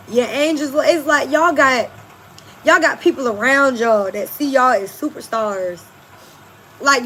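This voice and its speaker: Blunt, high-voiced woman tarot reader. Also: a bit bright, a little hiss or hum, low-quality recording. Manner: emphatic, blunt, swears freely, addresses listeners as y'all. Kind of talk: collective tarot reading to viewers.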